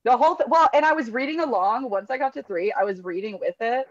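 A woman's voice: on the high side, quick pace, no echo, dull audio. A woman on a book club panel making dry, joking complaints in casual chat.

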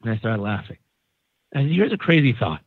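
A man from San Diego, United States, guests on a podcast and tells a story in a casual way, animatedly acting out the people in it with quoted voices. His medium-pitched voice keeps a moderate pace, and the recording is dry with no room sound and a narrow, phone-like quality.

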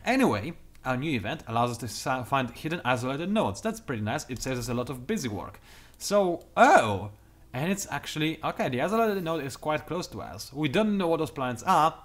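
A young man hosting a strategy game tutorial, talking quickly through detailed explanations with dry, sarcastic asides. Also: a little high, sing-song. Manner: talks fast, self-admittedly. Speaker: gameplay tutorial host. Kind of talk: explanatory let's-play commentary.

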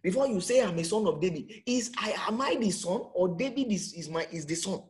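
A man's voice: high voice, expressive, a little fast. A man with a Nigerian accent preaching an emphatic sermon as pastor, full of rhetorical questions.

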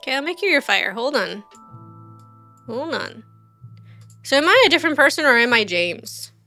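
A woman's voice: high-pitched, big pitch swings, normal speed, sharp tone, faint music behind. A woman streamer giving casual let's-play commentary, chatty, thinking aloud and quizzing the game characters.

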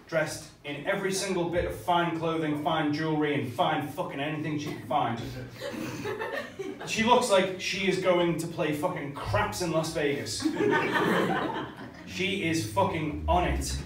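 A man's voice: fairly high pitch, far from the mic. Sweary tipsy man doing stand-up in an echoey club. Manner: swears constantly, laughs at own jokes. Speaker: stand-up comedian. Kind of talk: stand-up comedy set. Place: small comedy club. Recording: echoey club recorded from afar with crowd. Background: laughing crowd.

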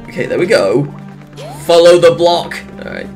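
A let's-play gamer giving casual gameplay commentary, excitable, often exclaiming and laughing, with rambling jokey asides. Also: mid-range voice, normal speed, gravelly, music in the background.

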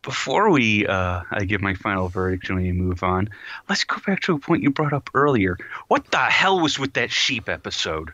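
A man co-hosting a podcast in casual chat, ranting in an animated, exasperated way with sighs. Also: fairly low pitch, moderate pace, no room sound, lo-fi sound. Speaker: podcast co-host.

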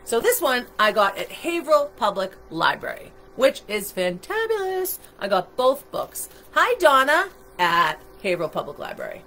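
Bright lively lady doing storytime online, chatty, asks the kids stuff, computer mic. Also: mid-range voice, moderate pace, hardly any pauses, slight background noise. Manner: chatty, animated, asks listeners questions. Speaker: storytime reader. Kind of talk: reading a picture book aloud to children online. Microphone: computer microphone on a livestream.

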